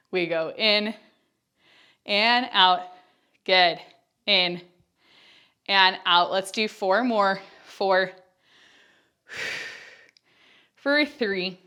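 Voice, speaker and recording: A woman's voice: medium pitch, pushed and bright. A woman leads a Pilates class and counts down reps as she does them. She sounds out of breath, and her cues are upbeat, with chatty asides between moves. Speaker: Pilates instructor. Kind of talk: follow-along workout cueing.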